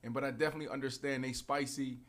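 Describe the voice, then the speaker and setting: A man's voice: mid-range voice, fairly even intonation, racing. A male podcast host asking questions in loose, conversational chat. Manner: loose, conversational, repeats words as he starts. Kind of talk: casual interview chat.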